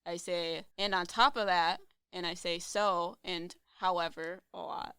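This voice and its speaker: Brief: woman podcast co-host, teasing and upbeat, bright voice. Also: on the low side, fairly even intonation, measured pace, clear, resonant tone, dry recording. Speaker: podcast co-host and content creator. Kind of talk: casual podcast chat. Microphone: studio microphone.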